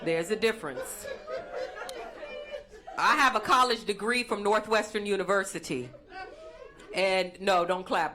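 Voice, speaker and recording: A young woman performing a crude, punchy stand-up set on a stage mic. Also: lowish voice. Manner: brassy, crude, punchy delivery. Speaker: stand-up comedian. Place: comedy show stage before an audience. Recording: noisy live show with crowd.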